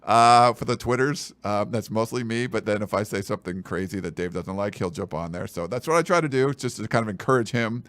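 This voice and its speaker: A man's voice: lowish voice, a little fast, few pauses, a bit bright, dry recording. Dry, joking male podcast host. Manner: joking, rambling, teasing his co-host. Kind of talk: casual chat with sponsor reads.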